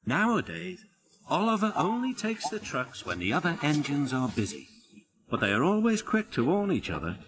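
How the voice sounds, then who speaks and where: A man narrating a children's story in a lively, expressive way. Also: a little high, normal speed, slight background noise.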